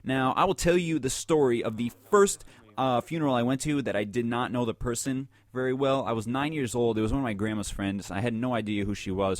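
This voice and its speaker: A man's voice: medium pitch, brisk, no echo. A man giving rambling, crude, joking commentary over gameplay, talking to his viewers into a close desk mic. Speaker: gaming video host.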